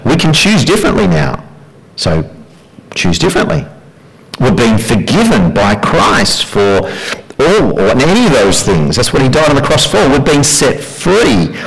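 Conversational preacher, mid-pitched. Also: male voice, a bit bright, low-quality recording. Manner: conversational, asks the congregation questions. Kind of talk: sermon.

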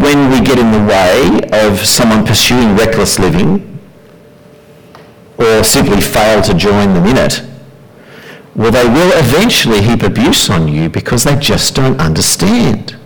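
A man's voice: lowish voice, sing-song, measured pace, creaky, low-quality recording. A man preaching a sermon in a conversational way, often asking his congregation questions.

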